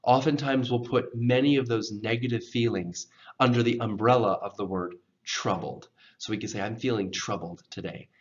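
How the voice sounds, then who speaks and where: A man teaching English pronunciation, explaining slowly and reading scripture lines aloud with expressive intonation as examples. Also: mid-range voice, dull audio.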